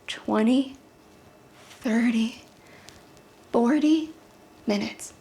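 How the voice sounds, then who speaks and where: Young woman telling a raw story on her own, kinda high voice, halting and intense. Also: dark tone, husky. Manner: intense, halting, emotional delivery. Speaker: solo comedian. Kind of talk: confessional storytelling monologue. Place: apartment.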